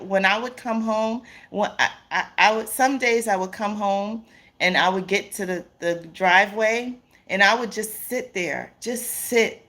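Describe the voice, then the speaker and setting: A woman's voice: medium pitch, a bit bright. A woman hosting a live stream in a casual, earnest way, repeating points for emphasis and greeting chat viewers by name.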